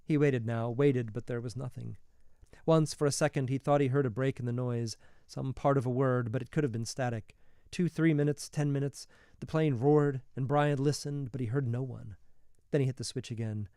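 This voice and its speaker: A man reads a novel aloud at an even, measured pace. His voice is warm and mellow, and the recording is dry and close with no room sound. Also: medium pitch, smooth, no echo. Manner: steady, measured storytelling. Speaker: reader.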